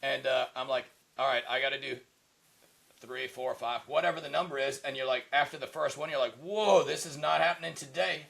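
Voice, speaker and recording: A man's voice: mid-range voice, little pitch movement, brisk, gravelly, pushed and bright. A man co-hosting a podcast in casual chat, rambling with lots of "you know, right?" fillers. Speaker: podcast co-host.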